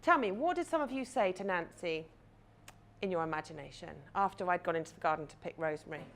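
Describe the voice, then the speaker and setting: A woman's voice: lowish voice, lively intonation, fast, fairly bright tone, a little hiss or hum. A woman in her thirties, a confidence coach, giving a chatty live talk and guiding listeners through an imagined scene.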